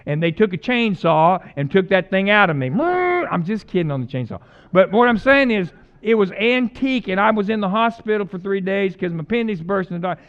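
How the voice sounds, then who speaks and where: A man's voice: sits high, big pitch swings, brisk, hardly any pauses, smooth, lo-fi sound. A male pastor giving a casual, joking sermon that builds to fervent emphasis. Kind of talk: conversational sermon.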